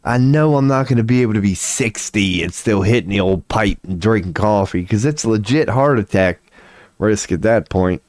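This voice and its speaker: A man's voice: lowish voice, normal speed, a little mellow, no echo. A man in his forties chatting casually on a livestream, rambling and profane, laughing often as he talks. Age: 40s. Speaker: streamer.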